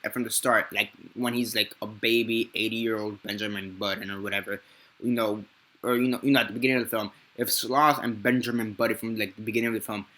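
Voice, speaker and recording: Bright-voiced man rambling through a film review. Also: medium pitch. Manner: rambling and profane, with frequent self-corrections. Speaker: movie reviewer. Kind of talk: casual unscripted film review.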